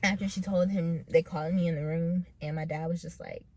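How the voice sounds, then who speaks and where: Low-voiced young woman, hesitant. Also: steady tone, darkish tone, no room sound. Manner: hesitant, full of pauses and "like" fillers; earnest and emotional, close to tears. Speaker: vlogger telling her own story. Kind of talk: personal storytelling.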